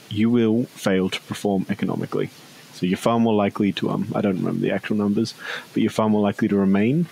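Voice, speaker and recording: A man's voice: lowish voice, gravelly, darkish tone, poor audio. A man co-hosting a casual podcast discussion, musing aloud with many fillers. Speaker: podcast co-host. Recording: faint hiss.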